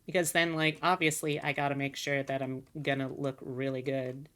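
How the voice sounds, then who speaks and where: A woman's voice: a bass voice, little pitch movement, moderate pace, fairly bright tone, clean tone. A woman streamer chatting casually to her viewers while playing, rambling and musing aloud with plenty of fillers.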